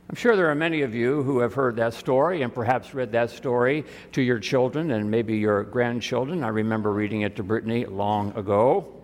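A male pastor preaching a sermon, reading scripture slowly and letting phrase endings fall. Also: mid-range voice, long reverb tail. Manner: slow, deliberate reading, dropping at phrase ends. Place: church sanctuary.

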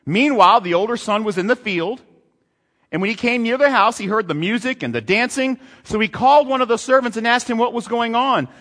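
A male pastor preaching a sermon, animated, reading scripture and throwing out rhetorical questions, recorded in a large hall or church. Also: very high-pitched, fairly quick. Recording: long hall reverb.

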